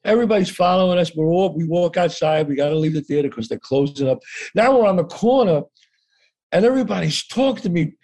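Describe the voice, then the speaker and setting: Animated male storyteller, high and lively. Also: quick pace. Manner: animated, acts out dialogue, swears casually. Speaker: guest. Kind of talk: storytelling in an interview.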